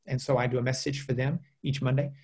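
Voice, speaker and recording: A man, a trial lawyer, telling animated stories as an interview guest, with many fillers and restarts. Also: mid-range voice, fast. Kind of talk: casual storytelling interview.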